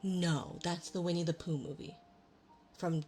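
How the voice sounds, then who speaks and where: A young woman streaming ASMR, rambling casually between storybook passages in a soft-spoken, self-deprecating way. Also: fairly low pitch, fairly even intonation, unhurried, faint music behind.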